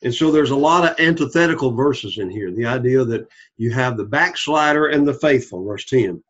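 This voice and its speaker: A man's voice: mid-range voice, expressive, normal speed, fairly bright tone, dull audio. A man teaching a Bible study lecture, repeating key points and checking in with the class.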